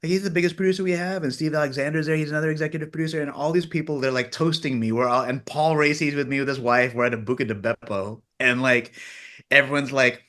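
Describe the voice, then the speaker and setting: Animated self-deprecating male director. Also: on the high side, fast. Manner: animated storyteller, self-deprecating, acts out others' lines. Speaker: film director, guest. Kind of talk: casual interview chat.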